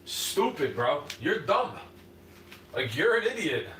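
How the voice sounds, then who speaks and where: A man's voice: on the high side, sing-song, slow pace, bright, forceful tone, a little hiss or hum. Sarcastic, profane man ranting. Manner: mocking, mimics opponents. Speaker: livestream host. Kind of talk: unscripted rant. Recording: echoey room, far from mic, faint background ambience.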